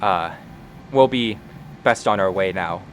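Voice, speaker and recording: A man's voice: sits low, measured pace, slight background noise. A man voicing a young tiefling woman who asks polite, probing questions. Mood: curious.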